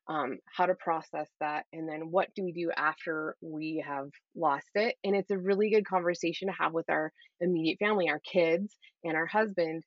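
A middle-aged woman talking as an interview guest, earnest and encouraging, often tagging her points with a quick "right?". Her voice sits at a middling pitch. The sound is a little dull and very dry, with no room echo. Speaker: guest, Christian parenting coach. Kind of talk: conversational interview.

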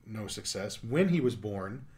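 A man co-hosting a casual movie commentary, chatty and jokey, quick to laugh. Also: on the low side, expressive, darkish tone.

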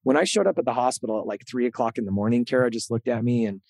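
Middle-aged man, podcast host, candid storytelling, earnest, animated, repeats words, mid pitch, dry close mic. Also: racing, gravelly, no room sound. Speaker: podcast host being interviewed.

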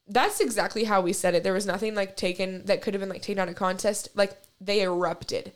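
A woman's voice: mid-range voice, a little fast, fairly bright tone. Rambling young woman telling a story. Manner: rambling, heavy use of "like", profane. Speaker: podcast co-host. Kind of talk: casual storytelling chat.

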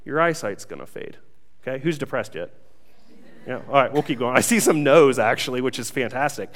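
A young man preaching a sermon, telling a funny self-mocking story in a lively way before reading scripture. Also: medium pitch, a little fast, long reverb tail. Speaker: pastor.

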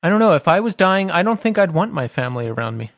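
Podcast guy with a slightly high voice, dry mic, tosses in quick wry jokes. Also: very animated, no room sound. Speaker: podcast co-host. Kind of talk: casual podcast chat.

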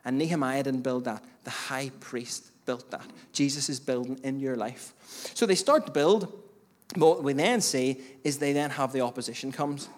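A male pastor delivers a sermon with fervent, rhythmic emphasis, stacking short repeated phrases and calling out to the congregation. His voice sits a little higher than most men's. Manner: emphatic preaching with rising bursts and repetition; addresses the congregation directly as church and folks.

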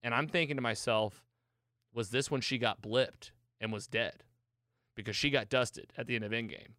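A man hosting a casual show, recapping an episode in an excitable, chatty way with lots of fillers. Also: mid-range voice, moderate pace, no echo, studio quality. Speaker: podcast host.

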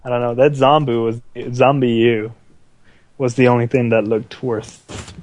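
A young man joins a casual talk about games and states his points plainly. His mid-pitched voice sounds dry, with no room around it. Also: flat delivery, a little slow, darkish tone, no echo. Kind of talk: casual gaming chat.

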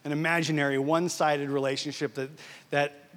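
A man giving a sermon as a guest preacher, telling a story in an animated way that swings between loud and hushed. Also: fairly high pitch, brisk. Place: church. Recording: church hall reverb.

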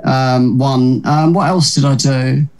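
A male comedian as an interview guest, laid-back and halting, swearing casually. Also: mid-range voice, fairly even intonation, darkish tone.

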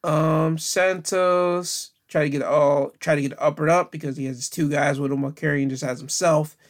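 A man's voice: fairly high pitch, fairly even intonation, moderate pace. Chatty man recapping wrestling news. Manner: chatty, loose, with many fillers and restarts. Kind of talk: casual spoken news recap.

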